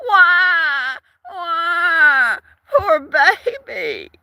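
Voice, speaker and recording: A woman mimicking a self-pitying man with high, wailing mock crying. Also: sing-song, drawn-out words, bright, forceful tone, no room sound, heavily acted. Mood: mocking whine. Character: whiny crybaby man, self-pitying caregiver.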